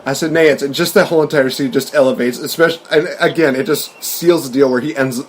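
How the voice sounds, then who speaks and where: A man's voice: mid-range voice, fairly even intonation, fast talker, slight background noise. A man hosting a casual podcast chat, rambling with lots of fillers and laughing often. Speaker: podcast host. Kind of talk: casual chat about movies.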